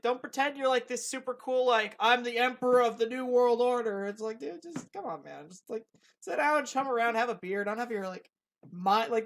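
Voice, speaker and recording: With a high-sitting, somewhat bright voice, this young podcast co-host keeps the conversation loose and rambling. He frequently stops and starts over, and his speech is full of filler words.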